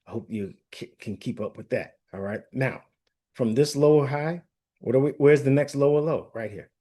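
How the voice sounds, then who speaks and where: A man's voice: medium pitch, moderate pace, warm tone. A man hosting a forex forecast, talking casually through charts with many fillers and restarts, often checking that viewers follow along. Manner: rambling, filler-heavy, asks viewers if they understand. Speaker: forex analyst host.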